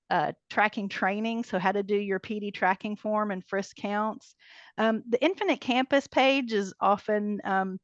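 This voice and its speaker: A woman presenting a training webinar over a video call. She walks through a website in a brisk, chatty way, with many ums and short laughs. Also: mid-range voice, dry recording. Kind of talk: casual walkthrough of a website. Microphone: computer mic on a video call. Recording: dull lo-fi video call audio.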